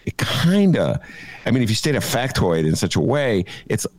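A man's voice: lowish voice, animated, brisk, a little mellow. A man hosting a casual political talk show, musing aloud with lots of fillers and bursts of animation. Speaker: host.

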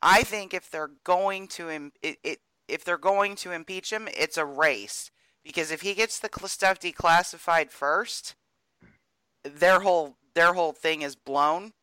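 Bright, smooth-voiced opinionated man. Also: a little high, measured pace, no room sound, low-quality recording. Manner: opinionated, emphatic, builds arguments. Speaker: podcast co-host. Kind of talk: casual political commentary.

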